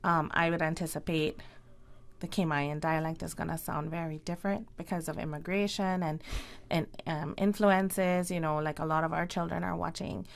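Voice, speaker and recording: A woman's voice: sits low, little pitch movement, normal speed. Caymanian woman explaining speech therapy. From Cayman Islands. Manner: clear, instructive, warmly encouraging. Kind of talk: explanatory radio interview.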